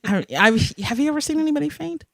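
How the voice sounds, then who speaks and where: A woman's voice: high voice, animated, fast talker, creaky, no echo. A young woman hosting a podcast, chatting casually about an episode, rambling and giggling as she acts out quotes. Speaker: podcast host. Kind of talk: casual chat recapping an episode.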